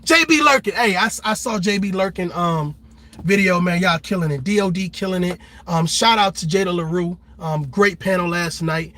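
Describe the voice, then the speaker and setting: A man's voice: sits high, normal speed, pushed and bright. A man giving passionate reaction commentary, preaching at his viewers and acting out the people he quotes. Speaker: commentary host.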